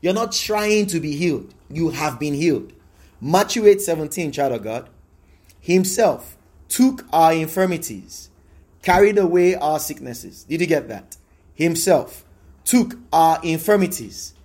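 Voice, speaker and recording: High-voiced man preaching emphatically. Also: lively intonation, a little slow, a little mellow. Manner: emphatic, repetitive preaching with rising exclamations. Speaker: pastor. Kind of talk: sermon.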